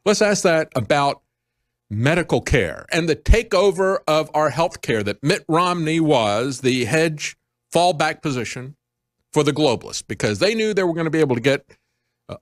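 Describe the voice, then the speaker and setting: A man's voice: a little high, no room sound, clean studio sound. A man hosting an opinionated news commentary show, sarcastic and emphatic, playing with words. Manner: sarcastic, emphatic, wordplay-heavy. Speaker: host.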